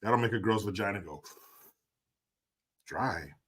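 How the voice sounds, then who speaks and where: A man's voice: on the low side, a little slow, slightly rough. A man hosting a casual livestream, reading chat aloud and joking crudely with plenty of swearing. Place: indoors, cold room.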